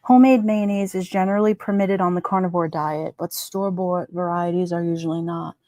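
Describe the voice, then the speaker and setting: A woman's voice: lowish voice, fairly quick, no echo. Chatty woman reading live comments. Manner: chatty and animated, laughs often, many "like"s. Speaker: livestream host.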